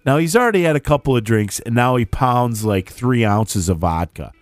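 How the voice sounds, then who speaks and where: A man hosting a casual chat, telling an animated, profane story. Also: mid-range voice, moderate pace, no echo, soft background music.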